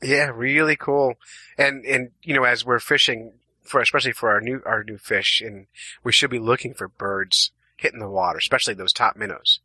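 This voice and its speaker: A man's voice: medium pitch, normal speed, husky, no room sound. A man co-hosting a casual podcast, joking and telling stories, acting out what others said. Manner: jokey, animated storytelling, acts out quotes. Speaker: podcast co-host.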